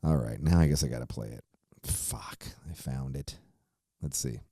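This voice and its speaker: Low, dark-voiced profane podcast host. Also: male voice, normal speed, no echo, clean studio sound. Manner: profane, rambling, laid-back. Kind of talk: casual podcast chat.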